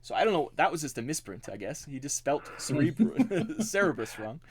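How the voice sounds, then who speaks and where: A man's voice: fairly high pitch, big pitch swings, normal speed, crowd noise. A man co-hosting a podcast, chatting casually and laughing often. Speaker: podcast co-host. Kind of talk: casual chat.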